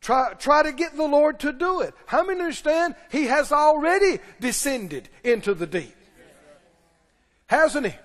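A high-pitched male preacher, delivering a sermon with forceful shouts and slow, weighted emphasis. His voice rings through a long, echoing church reverb. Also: lively intonation. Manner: mimics pleading believers in low, soft voices. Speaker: pastor.

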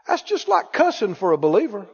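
A man preaching a lively sermon, calling out to the congregation and acting out anxious voices. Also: high voice, a little fast, creaky. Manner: animated, calls for responses, acts out worried voices. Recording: dull echoey hall recording.

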